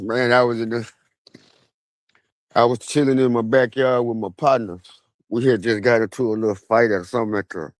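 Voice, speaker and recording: A young man telling stories in a relaxed, slang-heavy monologue, speaking outdoors at a graveside. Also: mid-range voice, no echo. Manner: relaxed, slangy street talk with many fillers. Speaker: vlogger. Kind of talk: casual storytelling monologue.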